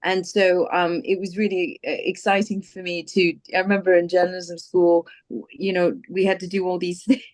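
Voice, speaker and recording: A British actress telling stories in an animated, casual interview over a video call, acting out the voices she quotes. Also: lowish voice, moderate pace, few pauses.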